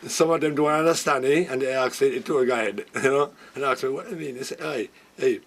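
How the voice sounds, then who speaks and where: A man from Jamaica, telling a story in an interview, halting with fillers and laughing. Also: medium pitch.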